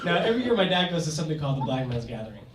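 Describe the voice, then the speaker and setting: A young man telling a comic personal story on stage to a live audience, in an animated, conversational way. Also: on the high side, very fast, far from the mic, crowd noise. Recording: echoey hall, mic from afar, audience noise.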